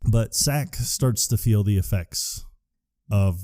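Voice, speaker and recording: A man co-hosting a podcast, retelling a film scene in casual chat, quick to quote the characters. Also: on the low side, dry recording, clean studio sound. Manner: animated retelling, quick quotes, frequent laughs. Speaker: podcast co-host. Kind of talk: casual movie recap chat.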